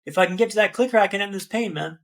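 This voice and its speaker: A man with a notably high voice tells his story as a podcast guest. He builds each scene in rhythmic repeated phrases and keeps calling the host "man". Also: rapid-fire, a bit bright. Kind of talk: dramatic storytelling in an interview.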